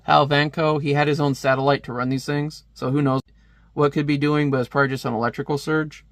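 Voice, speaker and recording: A man giving a casual, animated comic book review, ranting and laughing as he goes. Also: fairly high pitch, brisk, dry recording.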